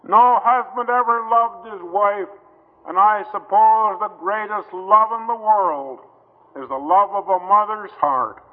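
A high-voiced man preaches an old-time gospel sermon at a slow, deliberate pace. He pleads earnestly with his listeners, leaving long pauses between phrases. The recording is thin and phone-like, with a long reverb from the hall.

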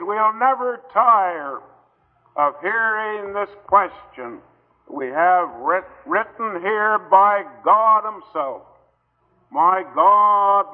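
A man preaching an old-time gospel sermon to a gathering in a hall, slow and earnest, pleading with his listeners through long pauses. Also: high-pitched. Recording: tinny old hall recording.

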